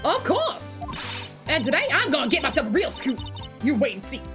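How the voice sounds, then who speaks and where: A woman's voice: sits high, big pitch swings, moderate pace, music in the background, pitched above the performer's own voice. A woman voicing a brash, boisterous female photographer with a put-on American Southern accent. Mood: boastful. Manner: boisterous, folksy.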